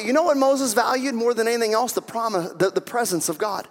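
A man's voice: very high-pitched, brisk, few pauses. A man preaching a sermon as pastor, acting out quoted voices and building to fervent emphasis. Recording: long hall reverb.

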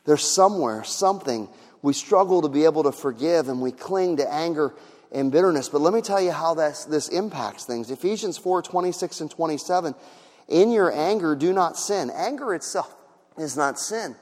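A man preaching a sermon as pastor. He moves between quiet, soft talk and loud, shouted passages, and acts out the voices in his stories. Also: fairly high pitch, lively intonation, normal speed, in a large hall.

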